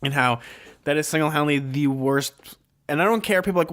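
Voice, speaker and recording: A man's voice: a little high, fairly quick, a bit bright. A man co-hosting a podcast, talking in a chatty, emphatic way with many fillers. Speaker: podcast co-host. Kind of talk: casual chat.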